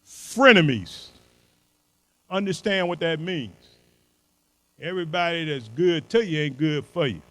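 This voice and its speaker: A man's voice: a little high, moderate pace, low-quality recording. An older man giving a motivational keynote speech in a folksy, emphatic way, driving home short maxims. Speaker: keynote speaker.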